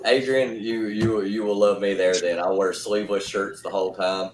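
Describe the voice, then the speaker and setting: A man's voice: on the low side, flat delivery, moderate pace. A man hosting a casual hangout, teasing and laughing with his guests. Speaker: host. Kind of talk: casual chat. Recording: roomy call audio with faint noise.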